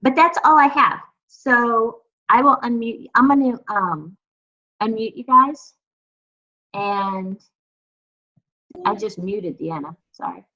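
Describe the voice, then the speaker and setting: A woman's voice: on the high side, slow pace, long pauses, bright, forceful tone. Woman, team leader, chatty, encouraging, filler words, video call, dull lo-fi audio. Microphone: computer mic on a video call.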